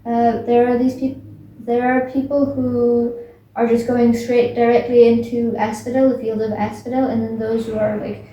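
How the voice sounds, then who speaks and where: A woman's voice: on the high side, level tone, normal speed, mellow, highs cut off, a little hiss or hum. A young woman casually retelling a book's plot, rambling with many fillers and restarts. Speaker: book recap vlogger. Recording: echoey room, voice from a distance.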